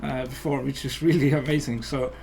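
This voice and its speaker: A man's voice: mid-range voice, little pitch movement, fairly quick, vocal fry, a little mellow, faint music behind. A man with an Estonian accent chatting casually while playing a game on a livestream, rambling and enthusiastic. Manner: rambling and enthusiastic, many fillers. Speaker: game developer and guest player.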